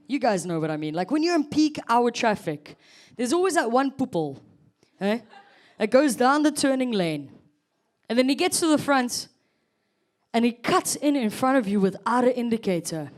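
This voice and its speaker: Brief: thirties South African woman comic, bouncy high voice, conversational stand-up delivery. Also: normal speed. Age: 30s. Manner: chatty, teasing the audience, animated. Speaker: stand-up comedian. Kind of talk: stand-up comedy set.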